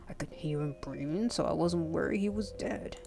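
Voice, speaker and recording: A woman's voice: low voice, moderate pace, gravelly, mellow, pitched below the performer's own voice. A woman voicing a chatty, friendly tiger man. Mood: recounting. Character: friendly male tiger man, easygoing regular. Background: faint game music.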